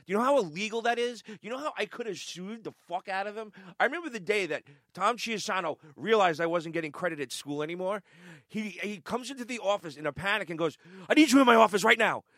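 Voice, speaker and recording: A man telling animated stories in casual chat, acting out the people he quotes and swearing. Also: high-pitched, quick pace, no echo, studio quality.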